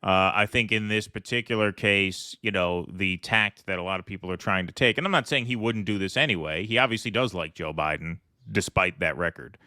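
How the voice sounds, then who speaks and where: A man's voice: sits low, a little fast, hardly any pauses, pushed and bright, dry recording, clean studio sound. A man co-hosting a casual political commentary show, talking in a wry, conversational way and reading quotes aloud.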